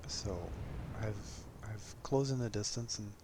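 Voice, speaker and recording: A man giving relaxed, casual commentary over his own gameplay footage, chuckling often and poking fun at himself. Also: on the low side, takes it slowly, noisy background.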